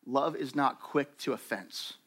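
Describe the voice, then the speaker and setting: Animated bright-voiced man preaching. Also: mid-range voice, unhurried, husky. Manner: conversational, animated, acts out quoted voices. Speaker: pastor. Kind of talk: sermon.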